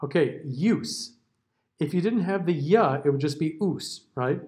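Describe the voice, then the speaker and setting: A man's voice: fairly high pitch, expressive, a little slow, darkish tone. An American man giving a classroom diction lecture, carefully over-enunciating example words. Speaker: diction teacher.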